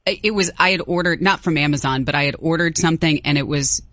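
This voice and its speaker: A woman's voice: low voice, fast talker, fairly bright tone, no echo. A woman co-hosting a morning radio show, chatty and playfully defensive in casual banter.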